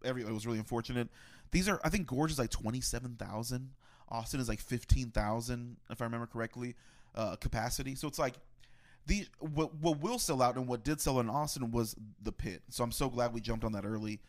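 A man's voice: medium pitch, brisk. A man co-hosting a casual podcast, laid-back and slangy, swearing now and then. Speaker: podcast co-host.

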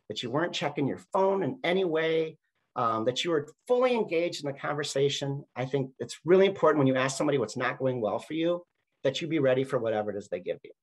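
A man's voice: medium pitch, poor audio. A middle-aged man giving a conversational storytelling talk, with frequent restarts. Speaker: speaker at a university talk.

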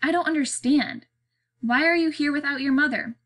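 A woman's voice: fairly high pitch, fairly quick, fairly bright tone, lightly acted. A woman voicing a flustered, overwhelmed middle-aged aunt who asks startled questions. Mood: alarmed.

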